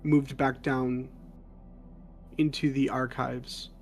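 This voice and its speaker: A man's voice: mid-range voice, flat delivery, slow pace, darkish tone, faint music behind. Man running a tabletop game. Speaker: game master.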